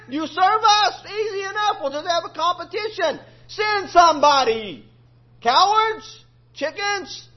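A preacher voicing a boastful male giant warrior who hurls mocking trash talk, pitched up high. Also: heavily acted. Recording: lo-fi recording.

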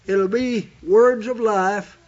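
A man with a very high voice preaching at a slow, deliberate pace. He leans hard on key words when he quotes scripture, and the sound is dull and lo-fi. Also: fairly even intonation. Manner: emphatic, drawn-out scripture quoting. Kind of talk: sermon. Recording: dull lo-fi recording.

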